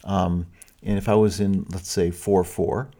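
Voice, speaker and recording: A middle-aged man with a slightly low voice explains a piece of music in the manner of a lecture. He speaks thoughtfully, pausing on fillers and restarting phrases as he works out his words. Now and then he counts beats or hums a rhythm to make a point. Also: little pitch movement, warm tone.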